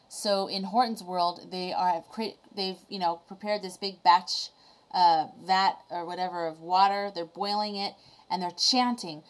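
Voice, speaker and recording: A woman's voice: medium pitch, normal speed. Chatty woman retelling a story. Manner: animated, chatty, reflective. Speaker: vlogger. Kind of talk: casual storytelling to camera.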